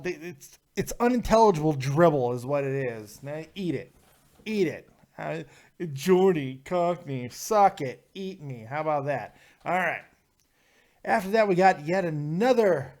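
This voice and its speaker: A man's voice: on the high side, a little mellow. Brash, profane man hosting a call-in review. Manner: profane, brash, mocking chat reader. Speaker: show host reviewing wrestling. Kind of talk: live call-in review show.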